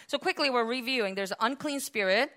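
A woman preaching a sermon, animated, acting out the voices of the people in her story. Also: a little high, a little fast. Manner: animated, acts out voices of biblical figures.

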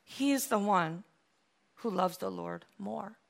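A woman preaching a sermon, retelling a story softly and then building to loud, impassioned appeals. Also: mid-range voice, steady tone, takes it slowly, vocal fry.

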